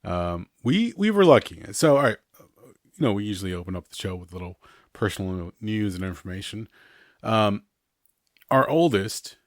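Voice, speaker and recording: Low-voiced man in casual podcast chat. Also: very animated, moderate pace, dry recording, clean studio sound. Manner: rambling, chuckles often between remarks. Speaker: podcast host.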